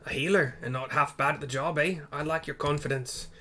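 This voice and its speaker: A man voicing a feisty small male dwarf warrior in a rough put-on accent that slips in and out. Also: fairly high pitch, steady tone, fairly quick, bright, forceful tone. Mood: gruff.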